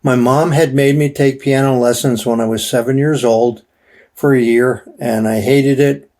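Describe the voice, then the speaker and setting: An older man telling his personal story as an interview guest, halting with many restarts and fillers. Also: mid-range voice, fairly even intonation, a little mellow.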